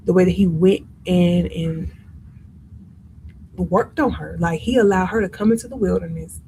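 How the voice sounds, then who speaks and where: Woman teaching Bible study, mellow voice. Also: lowish voice, slight background noise, rough recording. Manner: conversational, animated, acts out quoted lines.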